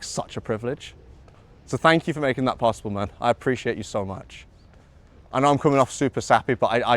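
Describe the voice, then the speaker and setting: A young man with a Liverpool accent, chatting casually on a live stream, rambling with lots of ums and calling his viewers bro and man. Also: medium pitch. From Liverpool, England. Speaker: IRL livestreamer. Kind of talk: casual live-stream chat reading chat aloud. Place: outdoors in Osaka, early morning.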